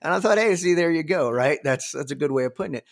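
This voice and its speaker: A man's voice: on the high side, animated, fast talker, vocal fry. Podcast host guy rambling along, swears a lot, laughs at his own bits. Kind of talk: casual podcast chat.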